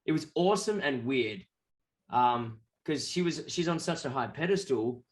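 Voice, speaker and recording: A man's voice: medium pitch, expressive, normal speed. An Australian man, a guest musician, telling rambling stories in a casual interview and acting out the voices of people he quotes.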